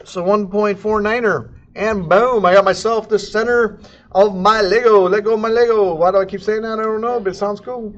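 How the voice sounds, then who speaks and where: Goofy high-voiced man teaching CAD. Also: fairly even intonation, brisk, highs cut off. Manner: goofy, jokey, sound effects and silly accents. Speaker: CAD instructor. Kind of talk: casual screen-recorded tutorial.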